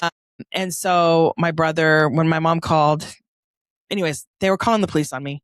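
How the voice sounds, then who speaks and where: A middle-aged woman from Northern California, a podcast guest telling a personal story in a lively, chatty way and acting out the dialogue. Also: low voice, moderate pace, clean tone, dry recording, clean studio sound.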